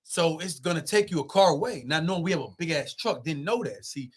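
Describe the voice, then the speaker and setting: Fast-talking young man, high voice. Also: husky. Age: young adult. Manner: animated, swearing, quick rambling with loud swings. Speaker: guest. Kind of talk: casual storytelling.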